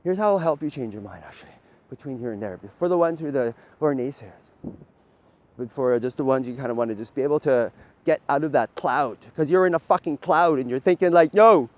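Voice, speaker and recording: A man's voice: mid-range voice, fairly quick, dull audio. A man giving a rambling, preachy monologue as a self-styled spiritual leader. He swears freely and keeps asking "right?". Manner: profane, repeats "right?" often.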